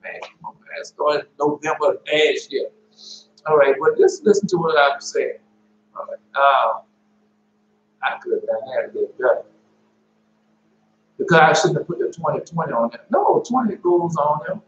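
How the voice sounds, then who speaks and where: A man with a fairly high voice retells his dreams in a loose, rambling way, stopping, repeating and correcting himself. The recording is roomy and dull, with a faint hum underneath. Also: animated, moderate pace, long pauses. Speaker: dream recounter.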